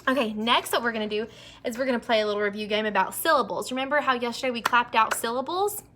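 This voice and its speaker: A young woman teacher leading an early-grade phonics lesson, stretching out words slowly and praising the children. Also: fairly high pitch, noisy background. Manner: slow, drawn-out word modeling, encouraging.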